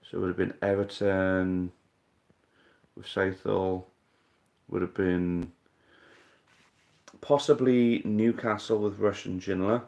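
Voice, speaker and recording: A man with a very low voice runs a live online quiz and chats loosely with the players. He thinks out loud, curses lightly, and keeps calling everyone mate. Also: steady tone, takes it slowly, gravelly, pauses often, lo-fi sound. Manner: thinks aloud, swears casually, calls people mate. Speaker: live-stream quiz host. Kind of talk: casual live-stream chat.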